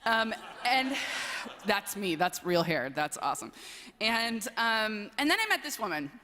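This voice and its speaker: A young woman from southern Wisconsin speaks in a bright, sharp tone. She gives a chatty, self-deprecating talk to a chapel gathering. Her voice rings with a long reverb through the large hall. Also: mid-range voice, very animated, unhurried. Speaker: chapel speaker, speech coach. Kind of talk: humorous personal talk at a chapel service.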